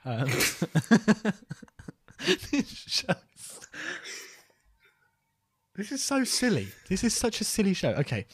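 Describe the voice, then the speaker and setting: A man's voice: high-pitched, huge pitch swings, slow pace, slightly rough. A young man co-hosting a podcast in silly, giggly banter, given to wandering puns. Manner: goofy, giggly, trails off into puns. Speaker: podcast co-host.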